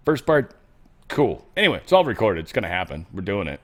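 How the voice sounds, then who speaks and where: A man hosting a solo commentary show, talking casually and sarcastically, swinging between loud outbursts and muttered asides. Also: lowish voice, sing-song, a little fast. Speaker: host of a political commentary show.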